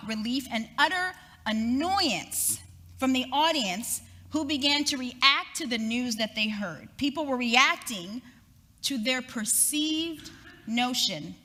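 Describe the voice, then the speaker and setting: A middle-aged woman giving a talk as guest speaker, telling a story in a lively, dramatic way, recorded in an echoey event hall. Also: high-pitched.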